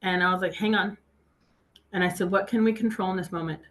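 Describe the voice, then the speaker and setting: A woman's voice: on the low side, very fast, slight background noise. Chatty woman telling a story in a talk. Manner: chatty storytelling, quoting herself with "I was like"; laughs easily. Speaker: speaker. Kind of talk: motivational talk with a personal story.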